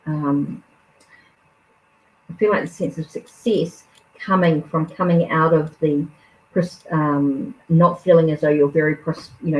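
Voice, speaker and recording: A woman hosts a live tarot reading and speaks in a low, unhurried voice. She muses aloud, trailing off and restarting often. The stream audio is dull and lo-fi, with a faint hiss underneath. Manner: musing, hesitant, many fillers and restarts. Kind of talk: live card reading, casual.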